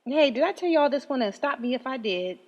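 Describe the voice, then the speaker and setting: A woman hosting her own podcast, ranting in a profane, animated way and often breaking into laughter. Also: high voice, brisk, big-room sound, lo-fi sound, soft background music. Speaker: podcast host. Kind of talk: solo podcast rant.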